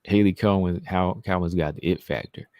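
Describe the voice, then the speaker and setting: A man's voice: low-pitched, steady tone, normal speed, no echo, lo-fi sound. A man hosting a casual live stream, reading viewer comments and answering them in a chatty way. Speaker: livestream host reading chat.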